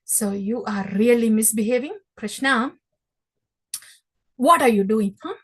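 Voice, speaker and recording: A woman's voice: a little high, animated, a little slow, breathy edge. Woman doing a scolding mother. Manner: scolding, questioning. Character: scolding mother, stern but loving.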